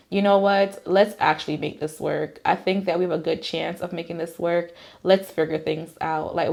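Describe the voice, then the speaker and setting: A woman with a lowish voice reads tarot cards in a relaxed, conversational way. She reassures as she goes and fills her talk with "like" and "you know.". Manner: conversational, reassuring, many fillers. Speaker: tarot reader. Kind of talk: casual tarot reading.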